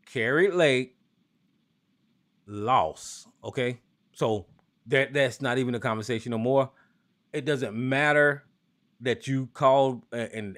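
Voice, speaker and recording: A man hosting a call-in talk show from the United States, ranting hotly with lots of cursing, then dropping into a slower, lower drawl. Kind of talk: profane political rant and call-in talk.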